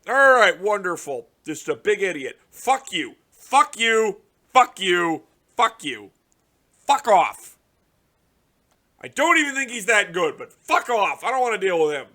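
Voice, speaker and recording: A young man giving casual, profane reaction commentary on a card game release, ranting in exasperation with sudden loud outbursts. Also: high-pitched. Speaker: card game content creator.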